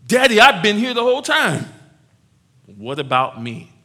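A man voicing a resentful older brother who complains loudly and indignantly. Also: mid-range voice, lively intonation, normal speed. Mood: aggrieved.

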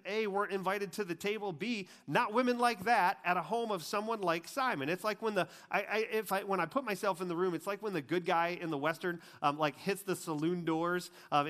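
High-voiced man preaching casually. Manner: casual, chatty preaching with many "like"s and asides; drops to a hushed, grave tone for serious points. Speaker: pastor. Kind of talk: conversational sermon.

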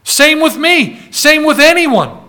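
A man delivers a sermon in a high, bright voice, pressing his points through repetition and pauses. He reads scripture aloud in its old wording, then drives it home to the congregation. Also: very animated. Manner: emphatic preaching with repeated words and long pauses. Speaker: pastor.

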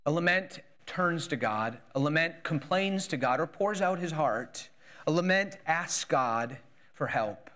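A man preaching a sermon in an earnest way, dropping soft and low for quoted prayers and climbing louder for emphasis. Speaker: pastor.

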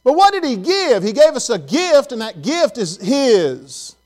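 Man, pastor, high voice, folksy conversational sermon, questions to the congregation, church. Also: sing-song, measured pace, darkish tone.

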